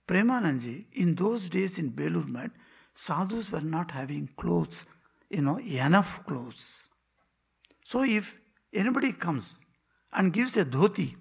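A man, a monk, telling devotional stories in a spiritual talk, with dramatic pauses and drops to a hushed whisper. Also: a little high, creaky, breathy edge. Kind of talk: devotional storytelling.

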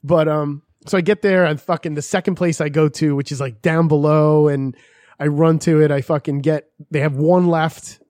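A man's voice: fairly high pitch, fairly even intonation, moderate pace, darkish tone, dry recording, clean studio sound. A man telling a story in casual chat, swearing often and acting out the people he quotes.

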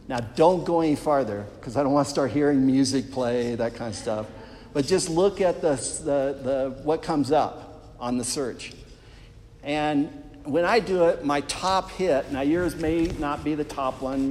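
A man's voice: medium pitch, darkish tone. A man delivers an earnest sermon to his congregation, talking straight to the people in the pews. His voice sits in a middle register. It rings out with the long reverb of a church hall. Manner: earnest, addresses the congregation directly. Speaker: preacher.

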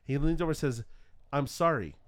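A middle-aged man telling a story in casual chat, acting out quotes with big jumps in his voice. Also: brisk. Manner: animated, acts out quotes with big pitch jumps.

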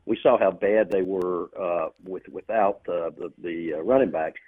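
A man calling in as a guest on a radio sports show, giving measured picks with hesitant fillers over the phone. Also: sits low, slightly rough. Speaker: guest on call-in. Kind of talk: casual radio chat. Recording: tinny phone line.

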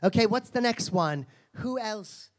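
A man's voice: high-pitched, expressive, a little slow, a little hiss or hum. A man performing a brash, foul-mouthed female self-help seminar guru in a live comedy character act, mocking and insulting the audience.

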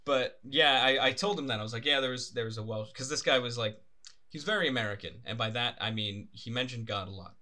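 A man's voice: mid-range voice, fast, pushed and bright. A young man co-hosting a podcast in casual chat, rambling and laughing often, swearing now and then. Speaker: podcast co-host. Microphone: desk microphone.

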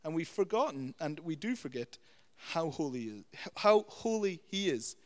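A young adult man delivers an animated sermon, his voice pitched slightly above the usual male range. Long reverb trails behind each phrase, as in a big hall. He teaches conversationally, tossing in "you know" and "okay?". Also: normal speed. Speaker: preacher.

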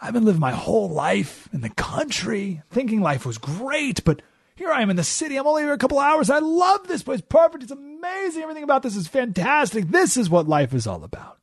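A wide-eyed country mouse, dazzled and gushing, his voice shooting up high and thin as a man puts him on. The sound is dry and close, with no room around it. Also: sing-song, slow pace, no echo, full character voice. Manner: gushing, voice climbing high with delight. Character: excited male country mouse, easily dazzled.

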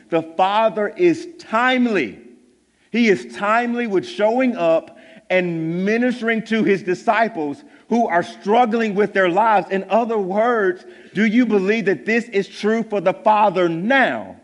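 Male pastor, earnest sermon delivery, pitched a touch high, reverberant hall sound. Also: a little slow. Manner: earnest, drops to a hushed low voice for tender points.

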